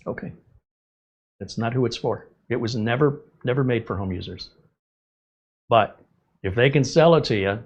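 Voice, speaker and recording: A man's voice: on the low side, breathy edge, highs cut off. A man hosting a live tech stream, answering viewer chat in a blunt, sarcastic way. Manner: blunt, sarcastic, lively asides. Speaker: tech show host.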